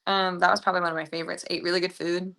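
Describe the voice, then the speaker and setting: A woman's voice: lowish voice, level tone, rapid-fire, creaky, sharp tone. A young woman from the United States, an actress chatting casually in an interview over a video call. She rambles, with a lot of fillers. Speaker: actress, guest.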